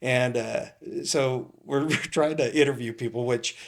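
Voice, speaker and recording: Laughing, animated middle-aged man telling stories. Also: mid-range voice, unhurried, background noise. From California. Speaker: retired police captain, guest. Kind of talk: casual storytelling.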